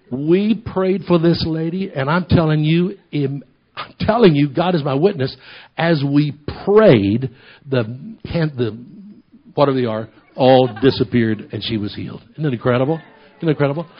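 A man with a husky, breathy voice preaches a sermon. He tells his stories with animation, acting out the voices and repeating phrases for emphasis. The recording sounds dull and lo-fi. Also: on the high side. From Oklahoma ministry, United States. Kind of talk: sermon storytelling.

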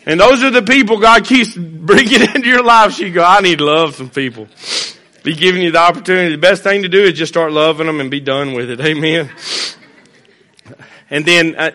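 Man preaching, high voice, folksy and blunt, joking asides. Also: a little fast, bright, forceful tone. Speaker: pastor. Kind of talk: sermon. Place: church.

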